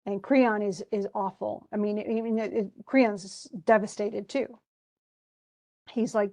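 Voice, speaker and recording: A woman's voice: medium pitch, fairly even intonation, unhurried, a little mellow. A woman teacher casually retelling a tragedy for her class in a chatty way, with many restarts. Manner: chatty, restarts often, wistful about the tragedy. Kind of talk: casual lecture retelling a play.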